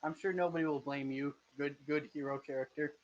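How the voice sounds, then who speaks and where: A man's voice: fairly high pitch, steady tone, fairly quick. A man in his twenties narrating a tabletop game as game master, casual and joking, often stumbling over his words. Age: 20s. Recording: dull lo-fi voice chat audio.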